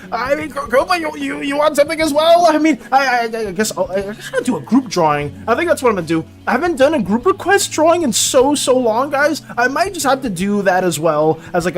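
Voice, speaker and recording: A streamer chatting casually on a live art stream, tripping over words and restarting sentences in a flustered rush. The pitch swings widely, jumping high when excited and dropping low when calmer. Faint music plays underneath. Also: a little fast, hardly any pauses.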